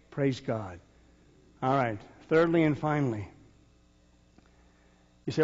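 A male pastor preaching a sermon, swinging from loud, drawn-out rises to soft, sighing drops. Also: medium pitch, in a large hall, dull audio.

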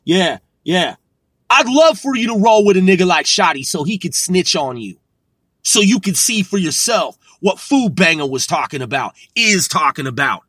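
High-pitched, husky man ranting scornfully. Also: very animated, moderate pace, a bit bright, no room sound, studio quality. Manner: profane, scornful. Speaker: commentary vlogger. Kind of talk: ranting commentary.

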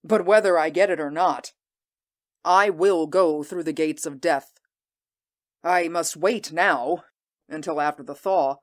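A woman voicing a proud, ambitious warrior queen, speaking in an intense, measured and commanding way in an audio drama. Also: low voice. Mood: proud, fierce. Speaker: voice actor.

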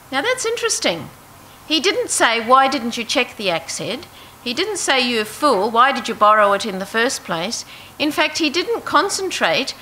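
Bright-voiced woman teaching a Bible lesson. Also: on the high side, a little hiss or hum, poor audio. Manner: asks the audience questions, reads verses aloud. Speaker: preacher.

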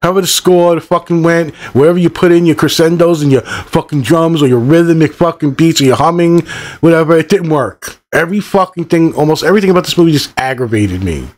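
A middle-aged channel host angrily rants about a movie, swearing constantly and rambling from one point to the next. His voice is on the high side and fairly quick.

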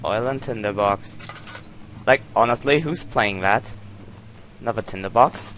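A let's play host, a man, talks slowly and nervously through a horror game, jumping at sounds and poking fun at his own fright. A faint hiss sits under his desk-mic voice. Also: lowish voice, a bit bright. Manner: nervous, easily startled, self-mocking. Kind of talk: jittery gameplay commentary.

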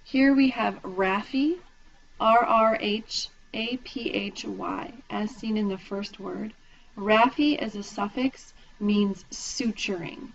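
A woman's voice: mid-range voice, slow pace, creaky. Woman, instructor, patient recorded lecture, spells terms out letter by letter, muffled lo-fi sound. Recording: dull lo-fi lecture recording with faint noise.

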